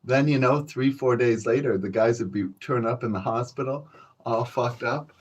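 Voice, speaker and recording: A podcast host with a medium-pitched, slightly breathy male voice talks at a normal pace. He rambles through stories on his own in a laid-back, profane style, chuckling as he addresses his listeners as folks.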